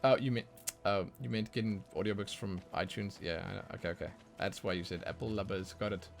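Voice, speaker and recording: A man livestreaming a game and chatting casually with his viewers, rambling, repeating words as he goes, with sudden bursts of excitement. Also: fairly low pitch, fairly quick, creaky, soft background music. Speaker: livestreaming gamer.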